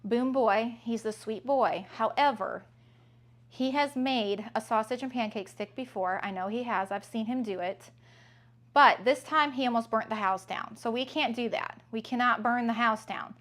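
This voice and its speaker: A woman's voice: fairly high pitch, moderate pace, fairly bright tone. A woman, a mother and family vlogger, chatting casually and upbeat through a grocery haul at home, with plenty of "um"s. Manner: chatty, upbeat, many fillers.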